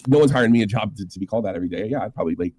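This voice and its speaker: A man's voice: fairly low pitch, rapid-fire, dark tone. A man co-hosting a podcast, talking in a laid-back, chuckling way. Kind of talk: casual podcast chat.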